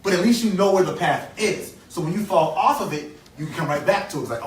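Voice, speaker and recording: A man's voice: high voice, animated, fast talker, hardly any pauses, slight background noise. A man in his thirties giving an earnest motivational speech to kids at a conference, repeating key phrases and quizzing the audience. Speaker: motivational speaker. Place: conference hall. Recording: echoey hall, distant mic, faint ambience.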